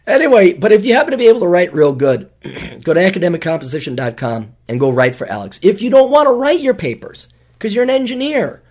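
A man from Minnesota hosting his own podcast, talking casually in a sarcastic, ranting way and swearing freely. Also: high voice. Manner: mocking voices when quoting people. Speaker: podcast host. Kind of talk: casual solo podcast monologue.

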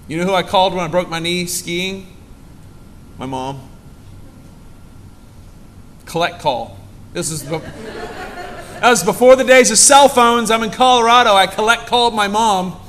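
A man with a high, bright voice preaches to a congregation in an animated, conversational way. He slips into little acted voices for people he quotes. Faint room hum sits behind him. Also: moderate pace. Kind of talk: sermon.

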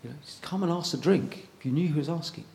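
Man, preacher, sermon, relaxed chatty delivery, frequent pauses and restarts. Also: on the high side, vocal fry. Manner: conversational, pausing, repeats words.

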